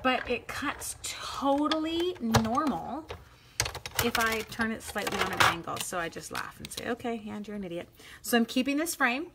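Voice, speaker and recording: A middle-aged woman demonstrates card making live, chatting with viewers in a giddy, self-teasing way and singing little la-la runs between steps. Her voice is on the high side, lively and at normal speed, with very noisy audio.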